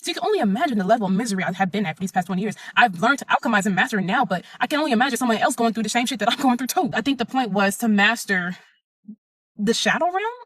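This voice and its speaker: A woman's voice: on the high side, lively intonation, very fast, a bit bright, dry recording. A young adult woman telling her own story in a blunt, emphatic, profane way. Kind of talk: casual first-person storytelling.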